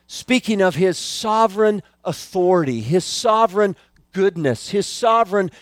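A man's voice: sits high, lively intonation, measured pace, no room sound. A man preaching a sermon, earnest and emphatic, repeating key phrases for weight. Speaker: pastor.

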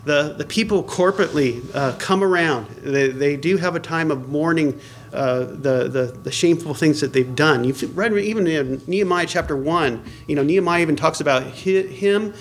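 A pastor with a fairly high voice speaks at a moderate pace, preaching his sermon conversationally. He uses many fillers and restarts and puts questions to the congregation.

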